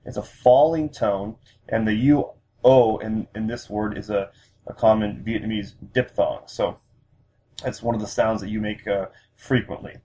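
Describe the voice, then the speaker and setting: A man giving a patient spoken language lesson, pausing often with fillers as he explains. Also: medium pitch, fairly even intonation, darkish tone. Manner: patient, with frequent fillers and restarts. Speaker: language teacher. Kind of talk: instructional lesson.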